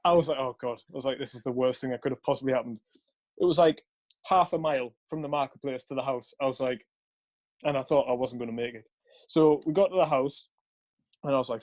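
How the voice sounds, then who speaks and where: A man's voice: mid-range voice, quick pace, darkish tone. A young man casually telling a rambling story, swearing often and laughing along. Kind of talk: casual chat.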